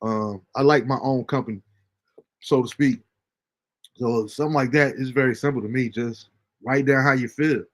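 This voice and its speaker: A man hosting a casual livestream show, reading out viewer comments with a relaxed, chuckling manner. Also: mid-range voice, moderate pace. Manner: laid-back, chuckling often, fillers like um. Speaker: host.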